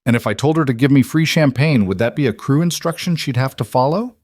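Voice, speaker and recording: A man voicing a calm, principled male executive who speaks reasonably and precisely. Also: medium pitch, quick pace, dry recording, voice pushed up, close to an everyday voice.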